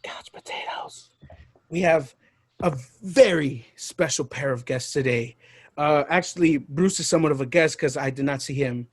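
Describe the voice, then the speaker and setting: A man's voice: on the high side, normal speed, husky. A man hosting a casual podcast, goofy and hyped, joking around with a put-on accent. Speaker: podcast host.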